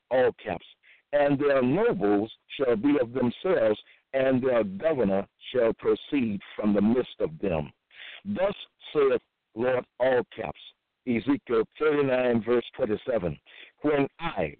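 A man preaching a sermon, reading out Bible verses slowly with short repeated asides between them. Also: mid-range voice, dry recording. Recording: tinny, phone-like dry audio.

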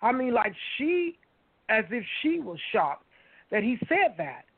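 A woman's voice: on the high side, sing-song, unhurried, husky. A woman shares a personal faith story on a radio talk show in an earnest, storytelling way, often turning to the listeners. Her voice comes through a tinny, phone-like line. The sound is dry, with no room echo. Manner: earnest, storytelling, addresses listeners as you guys. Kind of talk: casual faith testimony.

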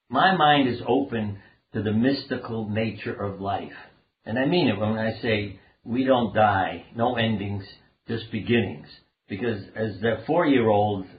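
Older man, low voice, earnest rambling storyteller, interview guest, tinny phone-like line, roomy echo. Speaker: guest, doctor and author.

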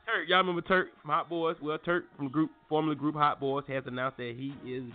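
A man's voice: a little high, fairly even intonation, quick pace. A man hosting a morning show in loose, joking casual chat, full of slang, laughs and restarts. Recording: tinny phone-like sound with faint music.

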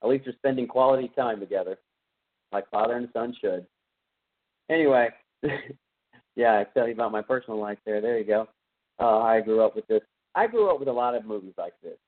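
Texan male podcast host, casual rambling film recap, mid-pitched, tinny phone-like audio. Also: brisk, long pauses. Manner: rambling, animated retelling with quoted voices. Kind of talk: casual movie recap chat.

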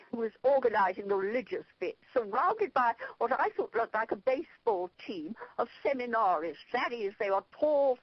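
A woman's voice: on the high side, slightly rough, no echo, muffled recording. An older woman with an Irish accent, a guest in an interview, telling rambling anecdotes and laughing at her own stories. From Ireland. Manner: lively, rambling storyteller who laughs at her own tales. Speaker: interview guest, spiritual leader.

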